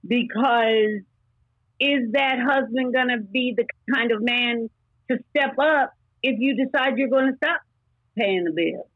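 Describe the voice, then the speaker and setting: Middle-aged woman with a husky voice. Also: unhurried, dry recording, narrow, tinny audio. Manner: acts out both sides of an argument with rising pitch. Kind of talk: animated storytelling in casual chat.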